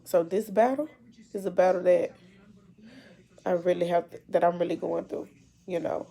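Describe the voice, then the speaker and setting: Gravelly emotional woman, halting speech. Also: on the low side, steady tone, dark tone. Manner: emotional, halting, repeats herself. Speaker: mother. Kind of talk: personal video diary.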